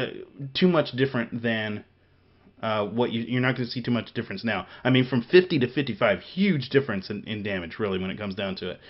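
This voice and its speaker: A man's voice: medium pitch, highs cut off. A man from Missouri co-hosting a casual gaming chat show, rambling with many restarts, fillers and laughs. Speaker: podcast co-host.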